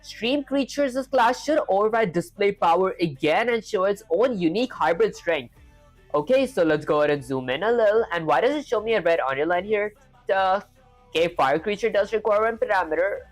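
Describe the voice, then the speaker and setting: A man's voice: high-pitched, animated, a little fast, faint music behind. A young man with an Indian accent live-streaming his coding, thinking aloud through each step and chatting with viewers.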